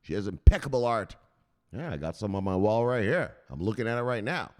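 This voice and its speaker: A man's voice: lowish voice, lively intonation, fairly quick. A man who hosts a crypto news show, chatting casually in a joking, profane, rambling way. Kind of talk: casual livestream chat.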